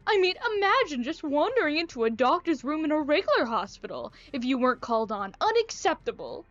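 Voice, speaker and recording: A woman's voice: sits high, very animated, brisk, a bit bright, muffled recording, faint music behind, voice pushed up. A woman voicing an eccentric, cheerfully sinister male doctor in a visual novel, with a theatrical, mock-menacing delivery. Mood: gleeful.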